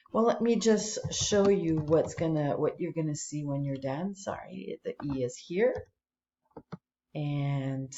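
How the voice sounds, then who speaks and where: A woman's voice: low-pitched, darkish tone. A woman French teacher walking students through an online flashcard tool step by step, patient and explanatory. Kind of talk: screen-recorded tutorial walkthrough. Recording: echoey room, dull lo-fi sound.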